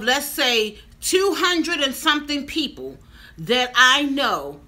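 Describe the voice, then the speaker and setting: A woman's voice: a little high, pushed and bright. A woman in her fifties telling a personal story to her viewers in a chatty vlog. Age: 50s. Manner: chatty, addresses viewers directly. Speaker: vlogger.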